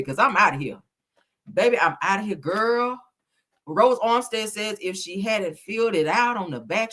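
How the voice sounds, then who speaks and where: A woman's voice: on the low side, fairly bright tone. A woman hosting a casual chat, reading live comments in a sassy, dramatic way and swearing often. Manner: sassy, dramatic, swears a lot, calls viewers baby and child. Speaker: host.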